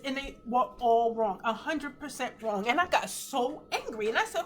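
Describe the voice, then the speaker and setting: A woman in her fifties giving an earnest, emotional testimony on a live stream from home, teary at times, with animated swings in pitch. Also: fairly quick, few pauses, slight background noise. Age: 50s. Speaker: host of a faith livestream. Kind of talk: casual live talk, testimony.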